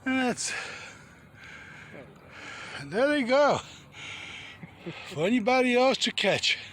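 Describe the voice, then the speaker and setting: A man with a high-pitched voice gives casual commentary outdoors on a river bank while he fishes. He is chatty and exclaims often, with breathy sighs between his lines. Faint noise sits behind him. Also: big pitch swings, slow, fairly bright tone. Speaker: angler filming his catch.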